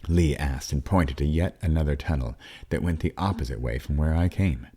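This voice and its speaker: A man narrating an audiobook as a father, with a warm storytelling manner, wry asides and the odd dip into a whisper. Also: a bass voice, moderate pace, slightly rough.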